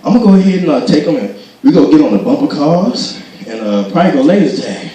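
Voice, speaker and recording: A man doing stand-up storytelling, animated and acting out voices as he laughs through his jokes. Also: on the high side, fast talker. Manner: animated, acts out voices, laughs while telling. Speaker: stand-up comedian. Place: gospel comedy show venue. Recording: echoey hall from far off.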